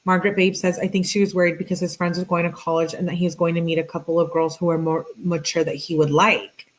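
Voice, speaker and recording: A woman's voice: fairly low pitch, quick pace. Woman reading messages, sarcastic asides. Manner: reads both sides flatly, interjects sarcastic asides. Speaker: true crime commentator. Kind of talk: reading text messages aloud with commentary.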